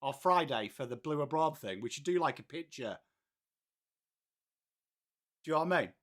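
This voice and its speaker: A man's voice: fairly high pitch, animated, moderate pace, fairly bright tone. An Englishman in his late thirties hosting a live stream, chatting casually and greeting viewers by name, calling everyone mate. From England. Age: late 30s. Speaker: livestream host.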